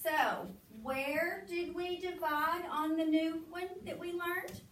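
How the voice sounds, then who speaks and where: A woman's voice: very high voice, takes it slowly. A woman reading teacher leading a classroom lesson, patiently prompting her pupils with questions. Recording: roomy, distant, noisy classroom recording.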